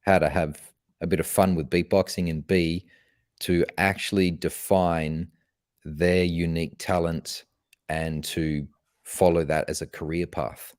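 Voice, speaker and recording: A man with a very low, deep voice answers interview questions on a podcast. He tells his story in an earnest, measured way. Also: level tone, darkish tone, dry recording, studio quality. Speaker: podcast guest, motivational speaker. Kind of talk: conversational interview.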